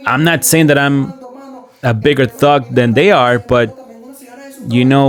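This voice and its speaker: A man tells a first-person story with lively energy, and his voice springs higher whenever the tale heats up. His pitch sits in an ordinary middle range for a man. The delivery is a casual spoken retelling. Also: unhurried, pauses often. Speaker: commentary channel host.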